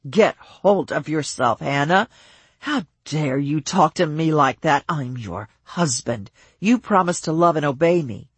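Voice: mid-range voice, sing-song, slightly rough, no room sound, exaggerated voice. A narrator doing a slurring, domineering drunk husband. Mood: angry scolding. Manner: slow and demanding.

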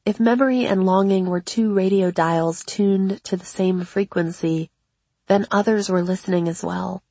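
A woman reading her own memoir aloud in a measured, reflective first-person narration. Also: medium pitch, fairly even intonation, mellow, slightly rough, no room sound. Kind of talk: scripted audiobook narration.

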